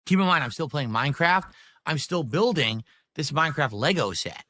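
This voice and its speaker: A man's voice: fairly high pitch, lively intonation, moderate pace, pushed and bright, no echo, clean studio sound. A man streaming casually at a desk mic in his office, chatting with viewers between bites and teasing them with mock outrage. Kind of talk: casual livestream chat while eating. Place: office room indoors. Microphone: close desk mic.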